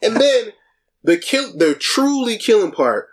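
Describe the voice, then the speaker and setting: A young man co-hosting a casual anime podcast, excitedly quoting characters in put-on voices. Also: sits high, a little slow. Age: young adult. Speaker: podcast co-host.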